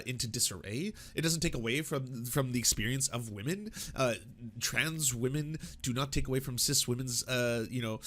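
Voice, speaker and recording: A man in casual reaction commentary, swearing freely and mocking what he watches. His voice sits at an ordinary pitch and moves between sarcasm and rant. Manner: profane, animated, mocking asides. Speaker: political commentary host.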